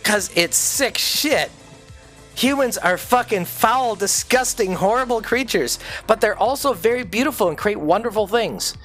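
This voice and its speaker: High-voiced man ranting profanely. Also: lively intonation, unhurried, fairly bright tone, faint music behind. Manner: profane, intense and rambling. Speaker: streamer. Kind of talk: ranting livestream monologue.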